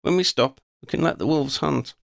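A woman's voice: low voice, normal speed, creaky, no room sound, studio quality, voice pushed up. A man voicing a confident, playful young witch who leads her friends with wry teasing.

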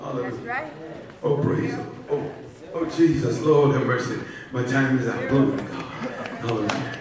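A man preaching a sermon, shouting in call-and-response style. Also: mid-range voice, normal speed, a crowd in the background. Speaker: bishop. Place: church sanctuary. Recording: echoey church room from far off, congregation.

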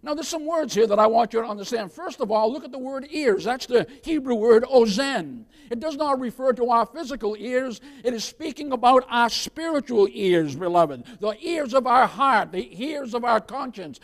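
A man preaching a sermon as pastor, calling out to the congregation and stretching key words slowly for emphasis. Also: extremely high pitch. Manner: preaching with repeated calls of "beloved" and "amen".

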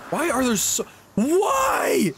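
A young man giving live gameplay commentary, excitable and often yelping and swearing at enemies. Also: mid-range voice, moderate pace, a little hiss or hum. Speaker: streamer.

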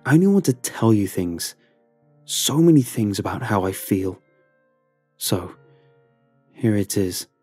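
A man's voice: sits low, level tone, very slow, pauses often, a little mellow, no room sound, faint music behind, full character voice. Man doing a desperate, pleading young man. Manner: pleading, raised and strained. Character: desperate young man, haunted by his brother.

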